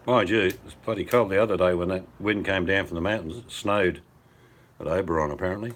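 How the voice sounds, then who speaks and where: A man's voice: low-pitched, fast, fairly bright tone. An older man with an Australian accent, chatting casually on a video call at home in laid-back, rambling, blokey banter. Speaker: hangout participant. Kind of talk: casual chat. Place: at home by a fireplace. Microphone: video call on a phone over mobile data.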